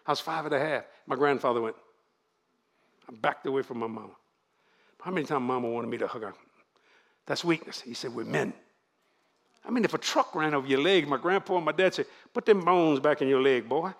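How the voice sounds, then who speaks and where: A man in his seventies with a Louisiana Cajun accent, preaching to a congregation in a folksy, animated storytelling way. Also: mid-range voice, fast talker, pauses often.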